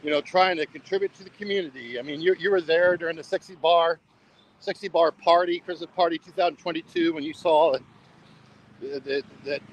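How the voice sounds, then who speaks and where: A man's voice: a little high, brisk, a little hiss or hum, rough recording. A man rambling casually for a travel vlog while walking along a road at night, repeating himself and saying "bro" a lot. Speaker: travel vlogger.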